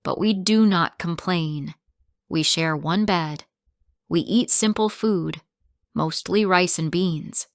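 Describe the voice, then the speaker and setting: Slow, low-voiced woman storyteller. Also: dry recording, studio quality. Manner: simple, clear sentences, first-person telling. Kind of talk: slow scripted story narration for English learners.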